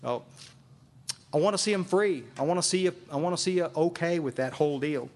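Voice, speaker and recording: A man addresses a live meeting, his voice sitting fairly high for a man. He talks with emphatic force and circles back on his phrases to drive them home. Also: brisk. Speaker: recovery group speaker and sponsor. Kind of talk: speaking to a live meeting audience. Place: meeting room with a live audience.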